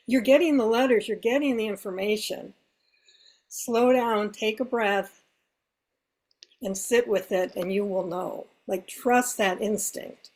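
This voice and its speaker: A woman's voice: mid-range voice, measured pace, darkish tone. A woman with a mid-range voice reading for a client. She coaches in an encouraging, playful way during casual talk. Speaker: animal communicator.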